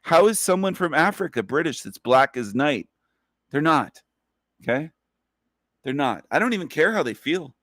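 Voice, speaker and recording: A man's voice: fairly high pitch, sing-song, moderate pace, long pauses, fairly bright tone, dry recording, clean studio sound. A man hosting a livestream who speaks in an emphatic, profane, repetitive rant. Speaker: livestream host.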